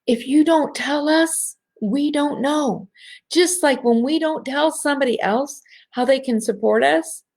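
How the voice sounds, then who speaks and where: Woman, live online host, at home, bubbly, laughs often, leisurely pace, soft voice for breathing guidance. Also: sits high, gravelly. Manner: bubbly, laughs often, speaks directly to the audience; soft and slow when guiding breathing. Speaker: host of an online women's gathering. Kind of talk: live-streamed coaching talk with guided breathing.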